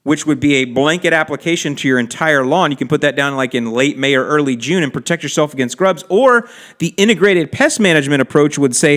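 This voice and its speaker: A man's voice: on the high side, a little fast, fairly bright tone. Chatty man hosting a lawn podcast. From Florida. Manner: chatty, friendly advice with asides and laughs. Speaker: podcast host answering lawn care questions. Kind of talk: casual podcast talk.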